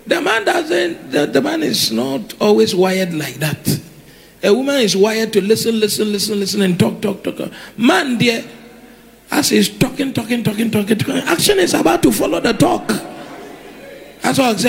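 High-voiced preacher, animated. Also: male voice, moderate pace, gravelly. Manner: animated, repeats words for emphasis, calls out to the congregation. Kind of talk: sermon.

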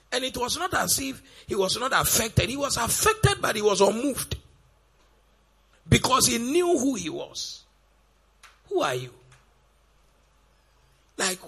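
A man preaching a sermon, firing off rhetorical questions in a gravelly, raspy voice. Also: extremely high pitch, pushed and bright.

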